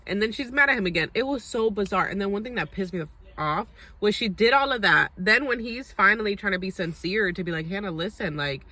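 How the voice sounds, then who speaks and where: A young woman with a bright, forward voice gives a casual recap of a reality dating show. She is chatty and sassy, with plenty of blunt opinions and asides. Her pitch sits in the middle of the usual range. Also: expressive, quick pace, few pauses.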